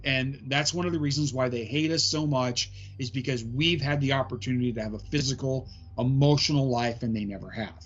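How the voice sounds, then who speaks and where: A man's voice: medium pitch, a little fast, hardly any pauses, lo-fi sound, slight background noise. A man guesting on a podcast as a paranormal investigator, explaining at length with many "um" fillers. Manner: rambling explanations full of "um" fillers. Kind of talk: casual podcast chat.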